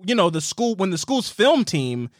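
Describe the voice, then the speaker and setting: A man co-hosting a casual podcast, laughing often and mocking characters with quick impressions. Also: sits high, big pitch swings, no echo, studio quality. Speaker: podcast co-host. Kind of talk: casual rewatch podcast chat.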